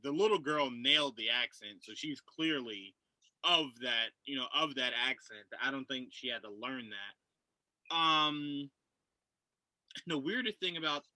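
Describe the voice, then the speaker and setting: A man's voice: mid-range voice, sharp tone, no echo, low-quality recording. A man co-hosting a casual podcast film review, enthusiastic and repeating himself as he talks.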